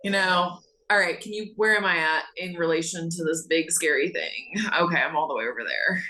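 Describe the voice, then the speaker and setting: A woman player in a tabletop game, thinking aloud with hesitant pauses. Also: on the low side, bright, forceful tone, a little hiss or hum, low-quality recording. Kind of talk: casual tabletop play.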